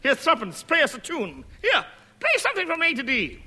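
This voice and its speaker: Brief: high, bouncy comic man, giggly and zany, crackly old radio recording. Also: huge pitch swings, a little fast. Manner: giggly, zany, squeaky silly voices. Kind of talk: 1950s radio comedy. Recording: noisy old radio broadcast.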